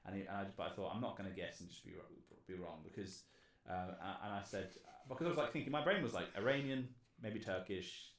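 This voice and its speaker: A man's voice: on the low side, fast talker, reverberant, slight background noise. A man with an English accent chatting casually on a podcast, rambling and swearing, with many restarts. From England. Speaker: podcast co-host. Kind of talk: casual chat over drinks.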